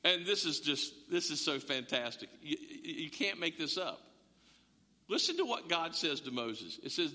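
A man preaching a sermon as pastor, conversational and humorous, telling the story with animated asides. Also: on the high side, normal speed. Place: church sanctuary. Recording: long echo of a large hall.

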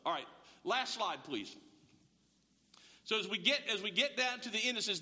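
High-voiced preacher in a hall. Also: male voice, big pitch swings, normal speed, long pauses, pushed and bright. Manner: conversational, rhetorical questions to the room. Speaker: pastor. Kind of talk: sermon. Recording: long hall reverb.

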